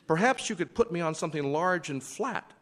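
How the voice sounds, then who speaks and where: Charm, a man doing a calm, patient sky woman. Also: fairly high pitch, brisk, voice pushed up.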